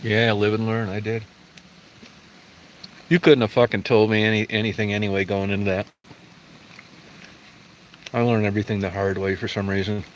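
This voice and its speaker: A middle-aged man hosts a casual livestream, talking straight to his viewers in a rather low voice. He is blunt and profane and wanders from one thought to the next. A faint hum of noise sits behind him. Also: poor audio. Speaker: livestream host.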